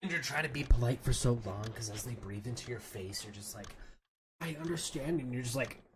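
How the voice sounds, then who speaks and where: A man's voice: mid-range voice, quick pace, background noise. A man chatting casually while playing a game, rambling from one story to the next and laughing often. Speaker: streamer. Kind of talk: casual gaming chat.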